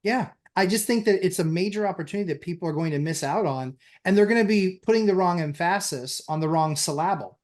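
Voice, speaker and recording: A man co-hosting a casual podcast, laying out his points step by step. His voice is a bit high for a man. He sounds easygoing and explanatory. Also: quick pace, hardly any pauses, a little mellow. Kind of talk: casual real estate chat.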